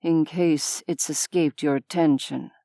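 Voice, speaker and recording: A woman voicing a calm man with a dry, gently sardonic way of talking. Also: deep voice, measured pace, creaky, no echo.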